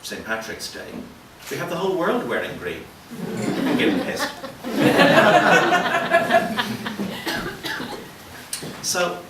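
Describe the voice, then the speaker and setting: A man's voice: medium pitch, very animated, moderate pace, few pauses, a bit bright, very echoey, far from the mic, slight background noise, low-quality recording. A man with an Irish accent performing a self-mocking stand-up comedy set at a live venue. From Ireland. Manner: wry, self-mocking storytelling. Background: audience laughter.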